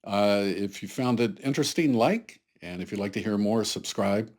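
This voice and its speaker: Guy from the south doing a political commentary vlog, lowish voice, earnest and chatty, talks straight to viewers. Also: normal speed, darkish tone. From Atlanta, Georgia, US South. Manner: earnest, conversational, pleading with viewers. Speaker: political commentary channel host. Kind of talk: solo political commentary to camera.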